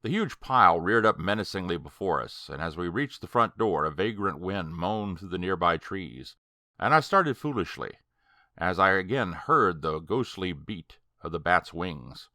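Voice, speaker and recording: Man, horror audiobook narrator, deep, bright, deliberate, dry close sound. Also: lively intonation, dry recording. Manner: slow and deliberate. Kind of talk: slow, dramatic horror story reading.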